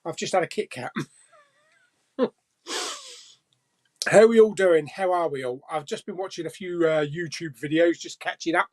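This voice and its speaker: A man's voice: on the high side, moderate pace, pauses often, a little mellow. A man hosting a casual live chat stream and reading viewer comments, jokey, laughing often and swearing casually.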